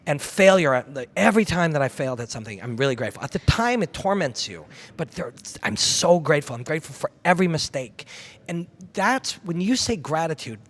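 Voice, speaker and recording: Man from Canada, fairly high voice, intense and reflective, swears freely, candid interview storytelling. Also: very animated, a little fast, a bit bright. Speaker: MMA commentator and former fighter, interview guest.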